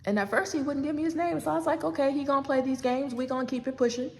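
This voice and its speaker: A gravelly-voiced woman in her forties tells a personal story in a loose, chatty way and plays out both sides of a phone call. She turns to her listeners often. Her voice rings with a long reverb. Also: high-pitched, quick pace, slight background noise. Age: 40s. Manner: animated, acts out both sides of a phone call, talks straight to the audience.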